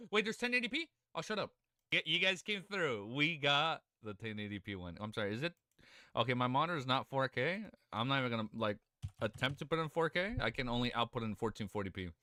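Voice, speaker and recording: Young male streamer, animated and bright, excitable and teary, curses freely. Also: mid-range voice, brisk, no room sound, studio quality. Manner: excitable, swearing, laughing often. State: tearful. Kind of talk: live reaction stream.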